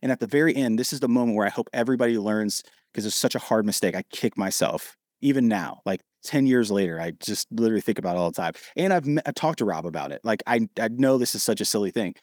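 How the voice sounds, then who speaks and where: Podcast guest, man in his thirties from Ohio; quick, animated storyteller, dry recording. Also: lowish voice, dry recording. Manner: animated, acts out quoted dialogue.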